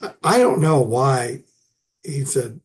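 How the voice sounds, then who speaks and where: A man giving a casual, halting lecture on poetry, with many fillers and restarts. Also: mid-range voice, animated. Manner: halting, many fillers and restarts, chuckles at his own asides. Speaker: literature teacher.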